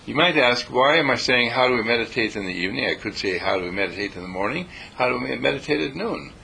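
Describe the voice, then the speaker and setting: A man's voice: mid-range voice, expressive, fast, vocal fry, sharp tone, rough recording. A man teaching meditation in a folksy, repetitive way, slipping into panicked voices to make his points, over faint noise. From California. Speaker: dean and spiritual teacher. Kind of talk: spoken meditation lesson.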